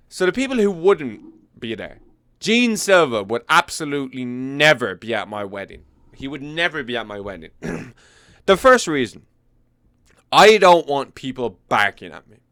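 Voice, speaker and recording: Animated, foul-mouthed man. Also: medium pitch, no room sound. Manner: profane, animated and blunt. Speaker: host. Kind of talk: casual commentary.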